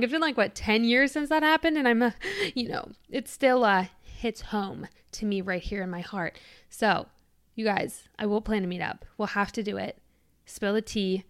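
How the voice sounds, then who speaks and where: A woman's voice: medium pitch, clean tone, dry recording, studio quality. A young woman in her twenties hosting her own podcast, chatting casually in a bubbly, gushing way with lots of "like"s. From Michigan. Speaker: podcast host. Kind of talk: casual solo podcast chat.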